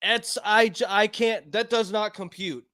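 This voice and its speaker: Male host, casual and swearing, fairly high voice, dry close sound. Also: steady tone, unhurried, sharp tone, dry recording. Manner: laid-back, swears a lot, laughs along. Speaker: stream host. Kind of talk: casual chat.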